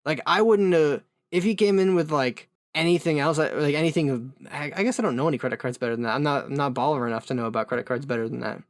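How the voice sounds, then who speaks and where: A man's voice: on the high side, fast, hardly any pauses, dry recording. Rambling podcast guy, dry close sound. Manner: rambling storyteller, trailing asides. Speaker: podcast co-host. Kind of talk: casual chat.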